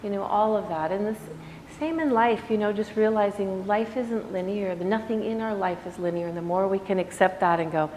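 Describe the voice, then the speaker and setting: A woman's voice: medium pitch, a little fast, a little mellow. A woman yoga teacher giving a casual, reflective talk to her class, conversational and full of "you know"s. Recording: echoey room with faint background noise.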